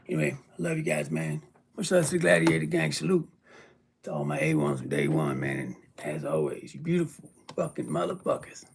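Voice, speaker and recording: Casually addressing his viewers in a vlog, a tired, sick man rambles emotionally and swears a lot. His voice is gravelly and on the high side, with slight background noise.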